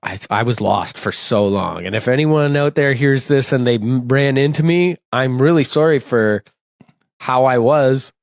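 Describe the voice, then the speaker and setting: A man co-hosting a podcast, chatting casually and telling animated, self-mocking stories with profanity. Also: mid-range voice, normal speed, creaky, dry recording, clean studio sound. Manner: animated storytelling, acts out his own scared drunken voice in quotes. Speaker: podcast co-host. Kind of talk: casual chat.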